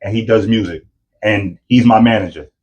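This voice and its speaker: Animated New man telling a story. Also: fairly low pitch, moderate pace, muffled recording. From New York. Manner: animated, addresses listeners as y'all. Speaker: podcast guest. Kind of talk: casual storytelling.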